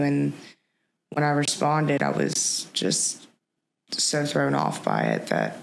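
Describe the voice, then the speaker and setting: Gravelly woman, halting and reflective. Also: low voice. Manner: halting, reflective, with many pauses and restarts. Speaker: podcast guest. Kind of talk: personal storytelling in an interview.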